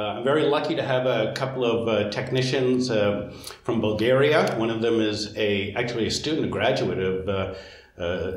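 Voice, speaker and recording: Middle-aged man, university lecturer, informal student presentation, medium pitch, lots of "uh", roomy echo. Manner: friendly, chatty, with frequent "uh" fillers. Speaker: senior lecturer.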